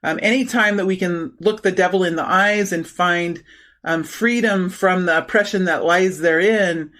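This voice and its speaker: Brief halting, soft-spoken middle-aged woman tarot reader. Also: on the low side. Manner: slow, halting, many fillers and restarts. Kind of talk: intuitive tarot reading.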